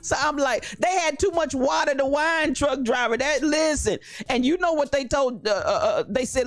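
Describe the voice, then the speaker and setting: A woman hosting a live chat show in a dialect, animated and laughing often as she chats with her listeners by name. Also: sits high, moderate pace, hardly any pauses, no echo, clean studio sound. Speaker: host. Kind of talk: lively live-stream chat.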